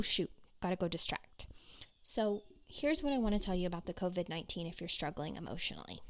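Earnest woman giving self-help advice. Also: medium pitch. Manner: earnest, reflective, talks directly to the listener. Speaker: pediatric occupational therapist and life coach. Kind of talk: casual self-help talk.

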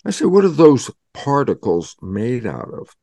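Older man telling a lively explanatory story. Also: medium pitch, unhurried, vocal fry, no room sound. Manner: dramatic, acts out both sides of his own dialogues. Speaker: guest scientist.

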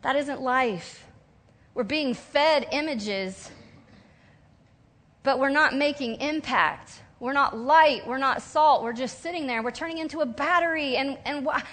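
A woman preaching a sermon in an animated way, acting out whiny voices and sobs now and then. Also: high voice, measured pace. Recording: long hall reverb.

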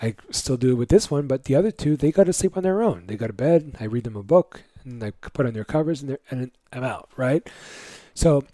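A man's voice: medium pitch, lively intonation, fairly quick, dark tone, no echo. A man in his thirties talking candidly and casually, giving motivational advice to other fathers with many fillers. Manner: candid and conversational, lots of fillers.

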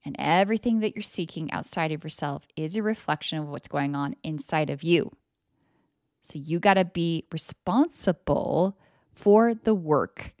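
A woman's voice: low-pitched, moderate pace, dry recording, studio quality. A woman hosting a motivational podcast as an energy coach, talking casually and emphatically and swearing freely. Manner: emphatic, swings into loud mock voices. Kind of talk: motivational solo podcast talk.

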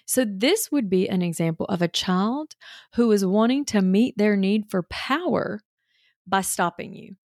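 A woman's voice: medium pitch, animated, a little slow, a little mellow, dry recording, clean studio sound. A woman mentoring mothers on parenting, talking casually through examples with lots of "you know" fillers and acting out what kids and moms might say. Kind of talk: casual teaching talk.

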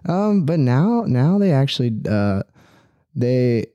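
Young guy rambling in a dark mellow voice, lots of likes and dudes, dry close sound. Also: mid-range voice, big pitch swings, slow pace, no room sound, dull audio. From Philippine heritage. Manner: rambling, full of "like" and "dude". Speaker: guest. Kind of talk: casual podcast chat.

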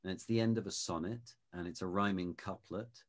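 A man talking as an expert guest in a video-call interview, explaining in a thoughtful, measured way and demonstrating sounds. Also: low voice, steady tone. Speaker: guest expert on Shakespeare pronunciation.

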